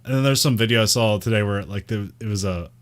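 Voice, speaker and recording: American man, podcast co-host, low voice, rambling casual chat, many fillers, laughs often. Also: quick pace.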